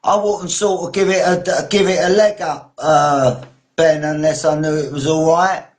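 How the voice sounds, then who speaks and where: Easygoing London-accented actor guest. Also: male voice, on the high side, fairly even intonation, unhurried. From South East London. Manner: easygoing, blunt, swearing. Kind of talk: casual interview chat.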